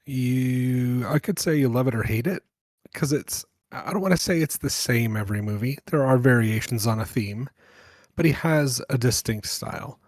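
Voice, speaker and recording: A man's voice: medium pitch, moderate pace, no room sound. Thoughtful rambling man talking films. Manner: thoughtful, rambling, jokey asides. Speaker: podcast panelist. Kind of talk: casual film discussion.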